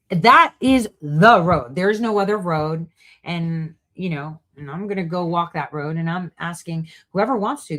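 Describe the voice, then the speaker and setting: A woman with a somewhat low voice hosts a heated monologue for her online audience. She is profane and openly angry. She jumps from loud outbursts to hushed, muttered asides. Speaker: host.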